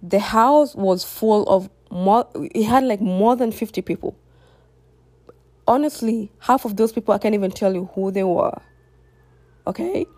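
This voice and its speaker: A woman's voice: mid-range voice, normal speed, darkish tone, no room sound. A young woman telling a personal story to her viewers in a candid, reflective way. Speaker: vlogger. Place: home near a busy road.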